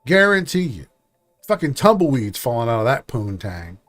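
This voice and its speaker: A man's voice: mid-range voice, big pitch swings, normal speed, fairly bright tone, faint music behind. A man hosting a reaction commentary show, sarcastic, mocking and profane.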